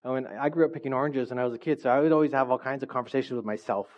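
A man preaching a sermon as a pastor, lively and joking, acting out voices from his stories. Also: medium pitch, rapid-fire. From California. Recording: dull lo-fi sound.

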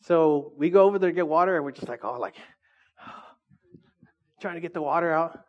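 A man's voice: a little high, normal speed, lo-fi sound. A man preaching a casual, joking sermon, teasing his audience and asking them questions.

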